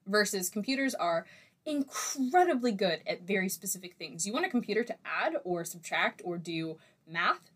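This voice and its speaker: A woman's voice: mid-range voice, fairly bright tone. Casual co-host, woman, blunt delivery with easy profanity, jokey edge. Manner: blunt, joking, swears freely. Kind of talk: casual chat.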